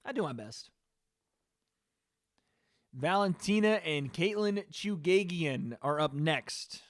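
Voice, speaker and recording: A man with a high voice hosts a live stream, giving casual, rambling reaction commentary. He talks loosely to his chat and swears now and then. The sound is dry and close. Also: slow pace, no echo. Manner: relaxed, rambling, profane, talking to chat.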